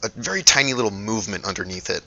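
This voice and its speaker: A man narrating a tabletop game as game master, halting and full of fillers as he describes scenes. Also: on the low side, animated, pushed and bright, no room sound. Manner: hesitant, lots of ums and restarts while describing scenes. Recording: dull lo-fi recording.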